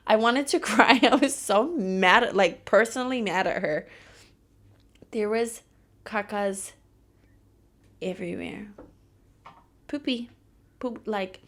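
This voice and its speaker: A young woman hosting a solo podcast, telling stories in a blunt, profane, ranting way. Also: medium pitch. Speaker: podcast host. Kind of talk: casual solo podcast monologue.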